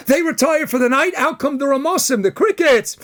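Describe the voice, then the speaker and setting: A man, a rabbi from the United States, giving a Torah lecture in an animated way, firing off rhetorical questions. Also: extremely high pitch, fairly quick.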